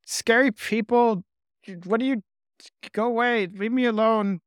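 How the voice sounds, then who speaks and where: Dumb scared lizard monster played by the gm, whiny and pleading, slow, dry close sound. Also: male voice, very high voice, steady tone, dry recording, voice pushed up. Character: dim-witted timid lizard beast.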